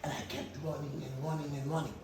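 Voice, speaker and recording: A man's voice: a little high, flat delivery, fast, background noise, lightly acted. Guy doing a remorseful man pleading his case, echoey and far from the mic. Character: remorseful man explaining a desperate wartime choice.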